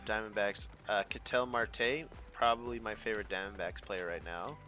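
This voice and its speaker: A man's voice: lowish voice, steady tone, normal speed, bright, forceful tone, soft background music. A man casually chatting with his viewers while streaming a game, rambling between moves. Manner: rambling, chatty, talks to chat between plays. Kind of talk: casual gameplay commentary.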